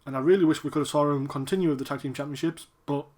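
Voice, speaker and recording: A man reviewing a wrestling show in casual chat and reacting to the matches, excitable and quick to cheer at the screen. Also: on the high side.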